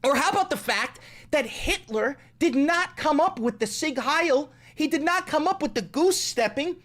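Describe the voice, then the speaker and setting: An American man doing live stand-up comedy on stage, with brash, crude and excitable rants. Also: very high voice, moderate pace. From United States.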